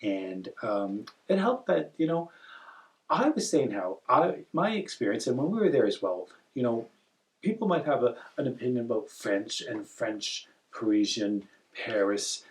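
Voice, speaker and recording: A man from northern Ontario chatting casually, telling lively, rambling stories full of self-corrections. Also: medium pitch, a little slow, distant mic. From northern Ontario, Canada. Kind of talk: casual chat.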